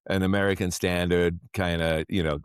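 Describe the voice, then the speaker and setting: A man with an English accent, a podcast guest, chatting casually in a rambling, animated way. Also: sits low, normal speed, clean tone, dry recording. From England. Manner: rambling, animated storyteller who acts out quotes. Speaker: podcast guest, actor and magician. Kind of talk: casual interview chat.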